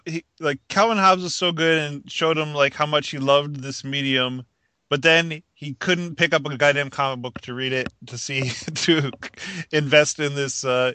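A man with a bright, forceful voice talks in a loose, rambling way, restarting his sentences and chuckling at his own jokes. The sound is dry and close, with no room around it. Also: a little high, no echo. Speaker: podcast co-host. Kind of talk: casual chat.

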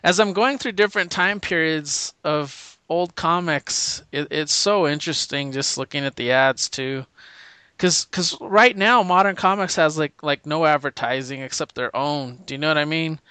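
A man chats with enthusiasm, tripping over restarts and breaking into laughter as he talks. His voice is bright and crisp, slightly higher than most men's, and sounds close and dry. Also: normal speed, no echo. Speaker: podcast co-host. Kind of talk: casual chat.

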